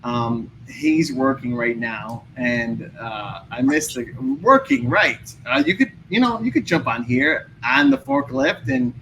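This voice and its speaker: A man chatting casually as a podcast guest, venting his frustration in an excitable, ranting way. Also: mid-range voice, measured pace, vocal fry, hardly any pauses, a little hiss or hum, poor audio. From Chicago area. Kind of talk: casual chat.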